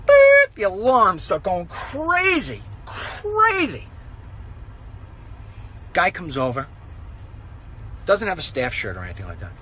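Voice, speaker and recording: A middle-aged man, a conservative radio host, rambles through an animated walk-and-talk vlog, telling stories and ranting. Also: high-pitched, slow pace, pauses often, slight background noise, rough recording. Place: outdoors, walking.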